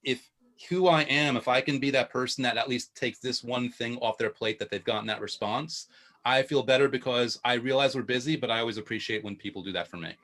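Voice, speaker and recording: Guy on a morning talk show, tells stories all lively, laughs a lot, middle voice. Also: medium pitch, fairly quick. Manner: animated storytelling, laughs often. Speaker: guest, video podcaster. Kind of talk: casual chat.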